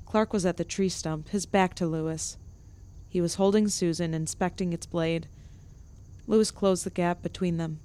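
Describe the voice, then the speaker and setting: A woman narrating a comedic story in a deadpan, mock-grand delivery. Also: fairly low pitch, normal speed, clear, resonant tone.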